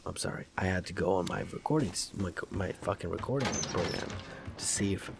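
A young man with a sick, raspy voice, cursing and reacting jumpily while playing a horror game. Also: low-pitched, a little fast, background noise. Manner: profane, jumpy, talks to himself. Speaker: gaming let's-player.

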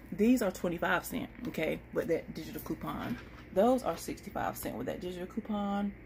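A woman's voice: medium pitch, vocal fry, mellow, slight background noise. A woman vlogger walking viewers through coupon deals item by item in a chatty, casual way. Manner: chatty, lists prices item by item, says y'all. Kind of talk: casual deal walkthrough to camera.

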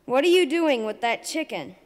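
A woman voicing an angry mother bird who scolds her son in a shrill, raised voice. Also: lively intonation, moderate pace. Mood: scolding. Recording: hall reverb.

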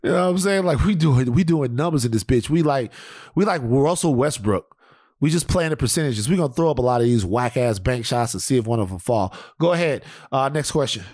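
A man's voice: medium pitch, animated, brisk, darkish tone, dry recording, studio quality. A man hosting a podcast, telling rambling, profane stories in casual chat. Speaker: podcast host.

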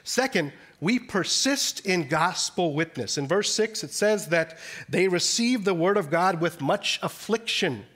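A man's voice: high voice, animated, a little slow, fairly bright tone. A man, a missionary, giving an earnest chapel sermon with frequent restarts. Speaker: missionary speaker.

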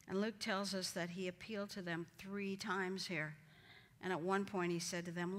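A woman's voice: medium pitch, fairly even intonation, moderate pace, fairly bright tone. A woman teaching a Bible study, acting out the quoted lines with dramatic emphasis. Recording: hall reverb.

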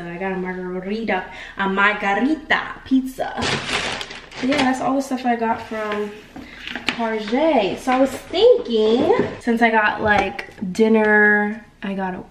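A woman's voice: medium pitch, recorded from a distance, slight background noise. A young woman, talking casually and directly to her viewers in a home vlog. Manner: chatty, bubbly, talks straight to viewers. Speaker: vlogger. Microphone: phone on tripod. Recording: roomy home audio from a bit off-mic.

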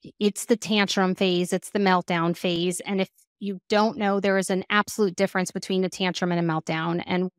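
A mother of two, a guest expert on children's emotions, talking casually in an interview with a lively, chatty manner and lots of "like". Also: lowish voice, normal speed, smooth, no echo, clean studio sound. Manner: animated, acts out quoted voices, frequent "like". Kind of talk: conversational podcast interview.

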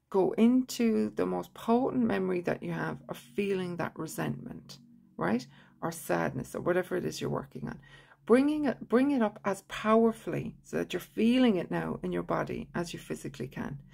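A woman leads a guided tapping session, repeating affirmations softly and steadily. Her voice carries a heavy gravelly fry with a husky, breathy edge, and she often lets it drop low and quiet. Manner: soft, repetitive guided affirmations. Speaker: tapping therapy teacher.

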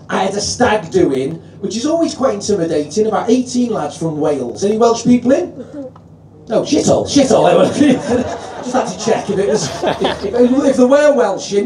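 Scouse stand-up compere, male, high bright-ish voice but mellow tone, heard from a distance in an echoey club. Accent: Liverpool. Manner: swearing, chatty, crowd-teasing. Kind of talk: stand-up comedy set. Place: live comedy venue.

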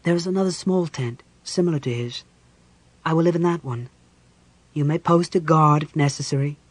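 A man reading the part of a calm, dignified female cleric in an audiobook, formal and measured. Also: a little high, no echo, voice pushed up, lightly acted. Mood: composed.

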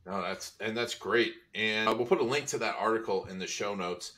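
A man's voice: fairly low pitch, a little fast, recorded from a distance, noisy background. A man hosting an interview podcast, mostly short agreeing replies and follow-up questions. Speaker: podcast host. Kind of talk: interview chat.

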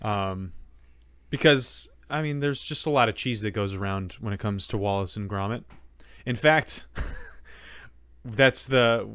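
A man's voice: on the low side, measured pace, a bit bright, clear, resonant tone, dry recording. A man co-hosting a podcast in casual chat, joking and rambling with plenty of fillers and restarts. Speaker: podcast co-host.

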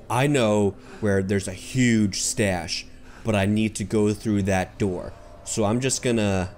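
Let's play host, male, slow sarcastic delivery, jokes to the characters, swears when spooked. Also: lowish voice, a little mellow, slight background noise. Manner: jokey, sarcastic, talks to game characters; swears and yelps when startled. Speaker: gaming video host.

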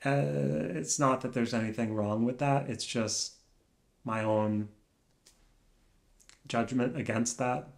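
A man sits alone in a room and muses aloud in an unhurried, reflective vlog. His speech is slow and halting, full of searching pauses and phrases that fade off quietly. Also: mid-range voice, creaky. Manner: soft-spoken, trailing off quietly. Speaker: vlogger.

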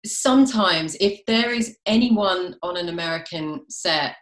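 British woman, thirties, low voice, chatty guest, echoey video call. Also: unhurried. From England. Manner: chatty, self-deprecating, laughs often. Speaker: guest actress. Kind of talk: casual chat. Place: home during quarantine, video call.

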